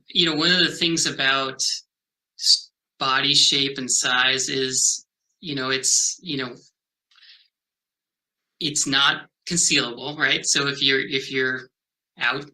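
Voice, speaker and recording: Male researcher, very bright timbre, halting thoughtful interview answers. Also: mid-range voice, low-quality recording. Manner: thoughtful, halting, many "um" and restarts. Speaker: health behavior researcher.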